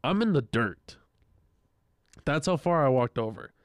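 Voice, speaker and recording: A young man with a smooth, resonant voice tells animated stories on a casual podcast, acting out the people in them. He swears freely, and the sound is dry and close with no room echo. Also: medium pitch, a little slow. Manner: animated storytelling, acts out quoted voices, swears a lot. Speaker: podcast co-host.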